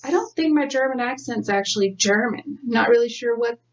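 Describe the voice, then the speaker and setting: A woman's voice: on the high side, fairly quick, far from the mic. A chatty woman co-hosting a podcast, rambling through stories and laughing often. She sits back from the mic, and the sound is dull and lo-fi. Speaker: podcast co-host. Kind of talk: casual chat.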